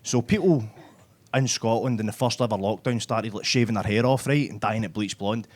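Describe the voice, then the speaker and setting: On a comedy club stage, a Glaswegian man performs a live stand-up set, brash and full of swearing. His lowish, slightly mellow voice moves at normal speed as he chats with the crowd and ends lines with "right?".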